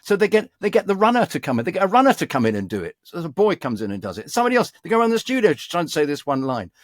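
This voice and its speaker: A man's voice: on the high side, huge pitch swings, racing, dry recording. A man who is a guest voice actor, telling rambling studio anecdotes in a casual chat. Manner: rambling anecdotal storytelling with hesitations.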